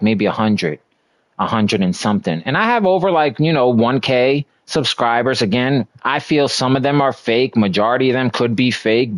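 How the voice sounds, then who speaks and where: A man's voice: medium pitch, no room sound. A young man chatting casually on a gaming livestream, rambling and filler-heavy, often laughing at himself. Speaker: streamer.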